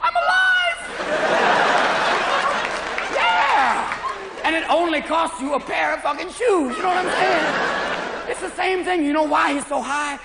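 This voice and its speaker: A man in his thirties doing live stand-up comedy on a large stage, manic and rapid-fire, jumping in and out of voices. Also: extremely high pitch, vocal fry, in a large hall. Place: large opera house stage. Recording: loud live crowd and room noise. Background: roaring audience laughter.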